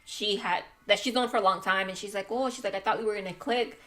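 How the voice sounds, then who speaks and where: A woman's voice: mid-range voice, steady tone, fast, a bit bright. Chatty woman slipping into Spanish. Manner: rambling, mixes Spanish phrases into English; laughs often. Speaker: podcast host. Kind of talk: casual chat.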